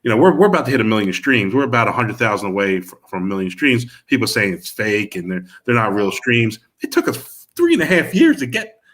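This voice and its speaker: A man's voice: on the low side, sing-song, brisk, hardly any pauses, fairly bright tone. A middle-aged man, a music manager, talking in a casual interview and rambling with many restarts and fillers. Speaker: music manager and producer guest.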